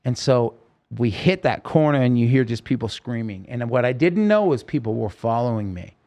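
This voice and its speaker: A man's voice: mid-range voice, lively intonation, moderate pace, a little mellow. A man telling his own story in an interview, in an urgent, vivid way, acting out what people said, with frequent restarts. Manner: vivid, urgent retelling with quoted speech and restarts. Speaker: podcast host telling his story as a guest.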